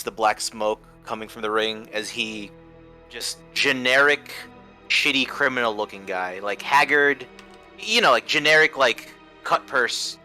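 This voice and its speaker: A man playing in a tabletop game, describing his character's actions in a rambling, casual way with many fillers. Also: mid-range voice. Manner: rambling, animated, many likes and uhs. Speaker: player.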